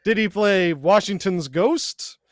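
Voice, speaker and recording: A man co-hosting a podcast, running a trivia quiz and reading the options out slowly. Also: high voice, lively intonation, no echo, clean studio sound. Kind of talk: casual podcast chat.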